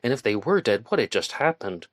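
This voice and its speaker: A man reading a first-person thriller audiobook in a tense, measured storytelling manner. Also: mid-range voice, sing-song, dry recording. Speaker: audiobook narrator.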